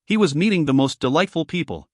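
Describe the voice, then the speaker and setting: Male audiobook narrator, slightly high voice, close dry sound, measured delivery. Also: animated, no echo. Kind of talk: scripted narration.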